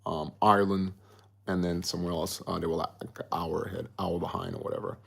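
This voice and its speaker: A man's voice: deep voice, little pitch movement, a little fast, vocal fry, fairly bright tone, slightly rough. A man hosting a casual livestream, rambling and chatty as he reads out viewer comments. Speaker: livestream host.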